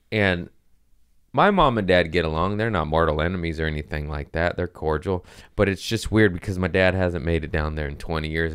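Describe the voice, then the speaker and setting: Podcast host, man, low and smooth voice, loose rambling storyteller. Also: a bit bright. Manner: rambling, laid-back, swears. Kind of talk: casual storytelling chat.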